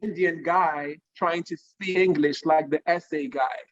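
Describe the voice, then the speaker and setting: A man, a guest singer giving career advice in a conversational interview, explaining lively through analogies and often checking with his listener. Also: fairly high pitch, a little slow, muffled recording. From Nigeria.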